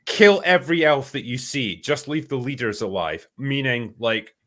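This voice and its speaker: A man's voice: mid-range voice, expressive, normal speed, a bit bright. Exasperated sweary man in casual chat. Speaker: host.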